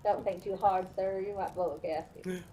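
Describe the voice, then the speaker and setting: Woman player, cheeky in-character banter, mellow and lively, faint background hiss. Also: on the low side, normal speed, far from the mic. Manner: cheeky, laughing.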